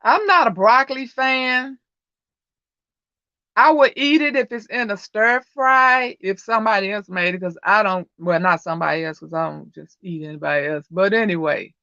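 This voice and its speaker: A chatty woman hosts a casual livestream and tells stories with plenty of laughter. Her voice is bright and forward. The sound is dry and a little dull. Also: mid-range voice, normal speed, no room sound. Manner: chatty storyteller who laughs often. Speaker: livestream host.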